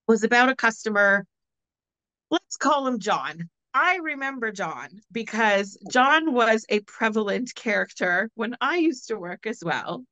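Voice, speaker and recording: A woman, co-hosting a podcast and telling a story in a casual, animated way, laughing often. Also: on the high side, no room sound, rough recording. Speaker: podcast co-host.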